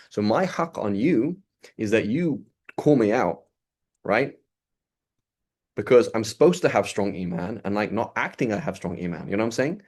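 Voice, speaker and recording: Man, religious teacher, low voice, casual lesson, acts out dialogues. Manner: animated, acts out dialogue in quick asides. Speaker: Islamic teacher.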